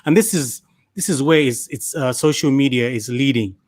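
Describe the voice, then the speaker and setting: A man at a middle pitch talks through a story on a discussion panel. He rambles and often repeats words. The sound is dry and close. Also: normal speed, no echo. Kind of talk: casual discussion.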